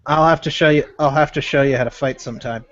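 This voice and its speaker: A man's voice: fairly high pitch, fairly even intonation, fairly bright tone, natural voice. A man doing a smug giant troll knight. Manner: slow, smug, measured. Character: huge proud male troll knight, smug. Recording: slightly muffled home recording.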